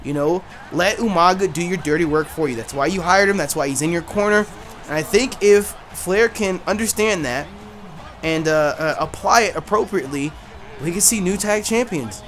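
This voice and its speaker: A high-pitched man chatting over a wrestling video game with animated, slangy energy. He repeats phrases and builds hype as he talks. Faint music plays quietly behind him. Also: normal speed. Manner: animated, slangy, repeats himself, hypes things up. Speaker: gaming channel host. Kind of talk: casual gaming commentary with playful role-play.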